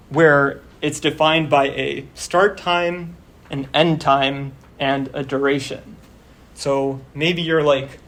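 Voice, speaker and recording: Casual young male lecturer, somewhat high voice. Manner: casual, explains step by step with many fillers. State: losing his voice. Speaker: course instructor. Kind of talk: university lecture. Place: classroom.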